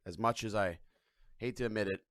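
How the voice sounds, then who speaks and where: A man's voice: fairly low pitch, a little fast, a bit bright, no echo, clean studio sound. A man hosting a casual live stream, rambling in a profane, irreverent way from his couch at home. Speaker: livestream host.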